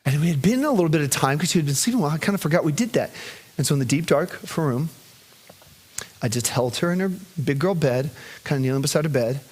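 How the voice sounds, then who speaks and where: A man preaching as a pastor, telling a personal story in an animated way that swings between loud bursts and hushed, gentle reciting. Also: on the high side, quick pace, breathy edge. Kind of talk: sermon storytelling.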